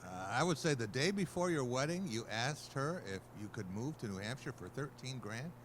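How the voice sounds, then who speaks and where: A man's voice: mid-range voice, lively intonation, moderate pace, a little hiss or hum. Wry male sportswriter telling a story. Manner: wry anecdotal storyteller, acting out quotes. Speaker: sportswriter, panelist. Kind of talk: panel talk, storytelling.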